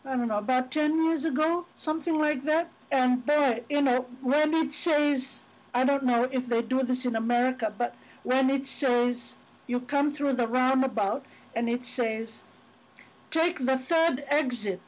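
A middle-aged woman with a fairly high voice speaks as a podcast guest. She tells faith stories in a loose, chatty way and leans on "you know" as she goes. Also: steady tone, a little slow, a little mellow, low-quality recording. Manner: chatty storyteller, many "you know" fillers. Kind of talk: casual faith conversation.

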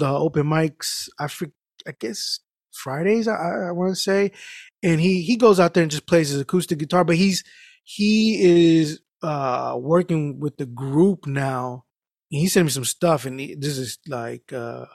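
A man hosts a casual podcast in a slightly high voice, recorded close and dry, and he talks a little slowly. He rambles through animated anecdotes, swearing freely, restarting sentences, and dropping "dude" into almost every thought.

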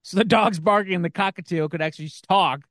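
Slightly high-voiced man telling a story. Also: quick pace, a bit bright, no room sound, studio quality. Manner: rambling storytelling with many fillers and restarts. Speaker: podcast host. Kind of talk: casual chat.

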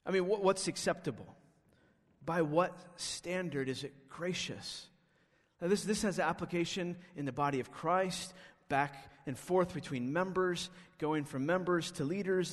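A male pastor preaching a sermon, emphatic, pressing his listeners with rhetorical questions. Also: on the high side. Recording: long reverb of a hall.

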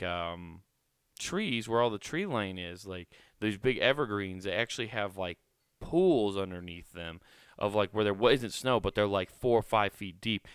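A man's voice: lowish voice, fairly bright tone, smooth, no echo, clean studio sound. Man rambling and joking on his podcast. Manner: rambling and joking, swears freely. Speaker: podcast host. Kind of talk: casual solo podcast chat. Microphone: close studio microphone.

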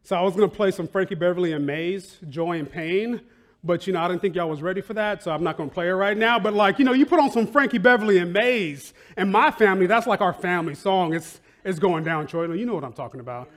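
A man pastor preaching a sermon in a conversational, animated way, laughing often and tossing in "right?" and "like". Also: sits high, quick pace. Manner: animated, bursts into loud excited outcries, laughs often.

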